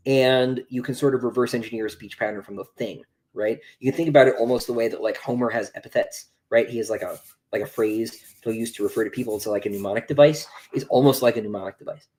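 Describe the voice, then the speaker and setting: Fast and steady in tone, with a mid-range, darkish voice, a young author hosts a casual livestream. He voices viewers' questions aloud, then wanders through his answers, repeatedly restarting and filling gaps with um.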